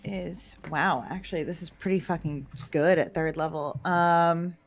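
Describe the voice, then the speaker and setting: A woman's voice: fairly low pitch, steady tone, measured pace. A woman player in a tabletop game who talks hesitantly and uses a lot of fillers.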